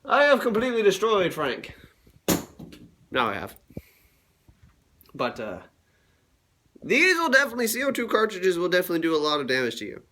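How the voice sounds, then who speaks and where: A man's voice: high voice, huge pitch swings, normal speed, pauses often, sharp tone. A man vlogging in a casual, crude and joking way, cursing often. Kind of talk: casual vlog commentary.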